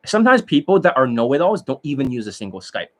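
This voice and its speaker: A man's voice: mid-range voice, very animated, fast. A man, a dating coach from Canada, talking to his students in a blunt, rambling, profane monologue and scolding them.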